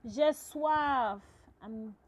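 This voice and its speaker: A woman with a fairly high voice walks absent students through a recorded French lesson. She talks patiently and repeats each phrase slowly. She often checks in with a quick "okay?". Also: poor audio. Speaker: French teacher.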